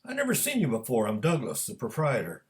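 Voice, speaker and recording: A man's voice: wildly swooping pitch, fairly quick, darkish tone. A man reading a story aloud, voicing a big red-headed bar owner with a heavy Scottish brogue. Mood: hearty. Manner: heavy brogue, booming and friendly.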